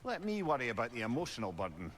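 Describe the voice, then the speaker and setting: Scottish talking-head sidekick, wry and chatty, lively swooping delivery, game audio with noise behind. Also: male voice, mid-range voice, fast talker. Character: witty talkative severed head advisor. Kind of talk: video game dialogue.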